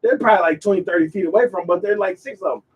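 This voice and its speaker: A man with a high, husky voice tells a long story on a casual podcast, acting out every quote and circling back over his words. He sits back from the mic, so his voice carries a little distance. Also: rapid-fire. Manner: animated retelling, acts out quotes, repeats himself. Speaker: podcast host.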